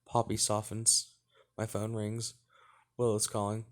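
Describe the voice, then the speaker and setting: A man hosting a let's play, reading a visual novel's narration aloud in an even, relaxed way with light asides. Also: lowish voice, normal speed.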